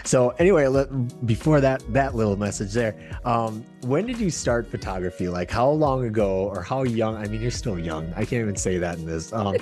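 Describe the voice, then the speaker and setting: Earnest low-voiced male podcast host. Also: expressive, fairly quick, few pauses, darkish tone, soft background music. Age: young adult. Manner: earnest, encouraging, preacher-like intro. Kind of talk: faith-based podcast interview.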